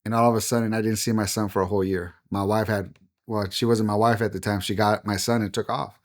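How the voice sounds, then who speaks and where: A man's voice: on the low side, level tone, fast talker. A middle-aged man, a pastor, telling his personal testimony as a podcast guest in an earnest, heartfelt way.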